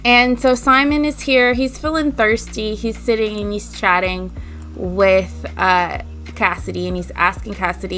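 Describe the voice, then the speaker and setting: A woman's voice: medium pitch, steady tone, a little slow, fairly bright tone, faint music behind. A woman hosting a let's play, retelling the story of her game in a chatty way. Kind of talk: casual game narration.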